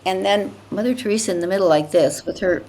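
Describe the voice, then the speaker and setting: A woman's voice: medium pitch, quick pace, dark tone. An older woman, a podcast guest, telling a personal story in a vivid, emphatic way, often repeating words for effect.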